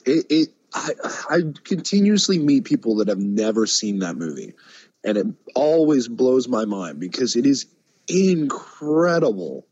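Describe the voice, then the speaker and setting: A man co-hosting a casual chat show, laughing often and reacting with lively energy. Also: mid-range voice, unhurried, breathy edge, no room sound, muffled recording. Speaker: podcast co-host.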